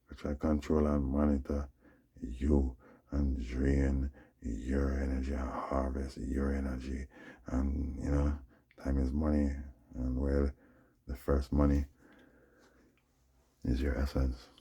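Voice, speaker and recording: Taking it slowly with long pauses, the forties-aged vlogger speaks at an extremely low pitch in a level, dark tone with a breathy edge. He wanders through a rambling, slangy story, often checking in with the listener and repeating "you know what I'm saying."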